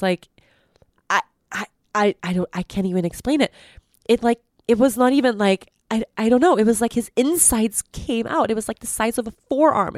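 A woman's voice: mid-range voice, dry recording, studio quality. A young adult woman hosting a podcast, telling a story in a rambling way with many fillers and frequent laughs. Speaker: podcast host. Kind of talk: casual storytelling.

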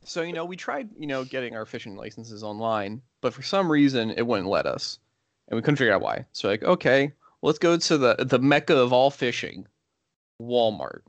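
A man's voice: mid-range voice, very animated, normal speed, no echo. A young man co-hosting a podcast, telling a story casually and rambling with lots of "like" and "you know". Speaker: podcast co-host.

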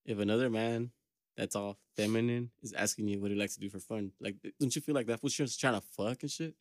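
A man's voice: on the low side, steady tone, fast talker, no echo, studio quality. A man co-hosting a podcast in casual chat, rambling through stories with lots of slang and swearing. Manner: rambling storyteller, heavy slang and swearing, laughs often. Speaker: podcast co-host.

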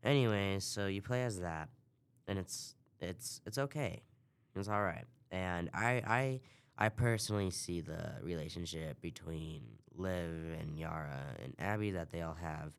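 A man's voice: low-pitched, unhurried, clear, resonant tone. A man hosting a podcast, casually recapping a video game in a rambling way and swearing offhand. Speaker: podcast host.

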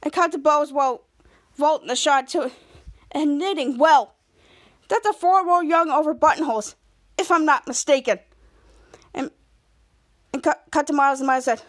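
Woman, podcast host, high voice, casual rambling recap. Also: a little fast. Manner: rambling, restarts with many cuts.

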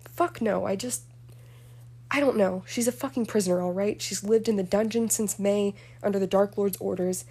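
A smug young wizard with a mellow drawl, as a woman reader puts him on. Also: medium pitch, normal speed, breathy edge. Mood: hushed, defensive. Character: young male wizard, smug, cool, teasing.

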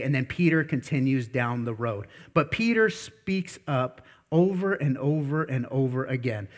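A man preaching a sermon in an animated, blunt way, asking the congregation questions. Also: mid-range voice, unhurried, hardly any pauses. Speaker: pastor.

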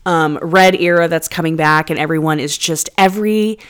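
A woman's voice: sits low, moderate pace, smooth. A woman in her thirties hosting a casual solo podcast from her apartment, chatty and rambling, with self-deprecating asides and casual swearing. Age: 30s. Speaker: podcast host. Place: apartment room. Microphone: podcast microphone.

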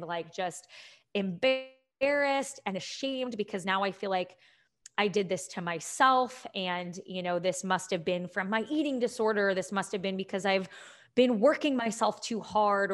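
A woman's voice: mid-range voice, a bit bright. A young adult woman, a health and fitness coach, telling a personal story candidly with many fillers and restarts. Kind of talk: personal story, casual talk.

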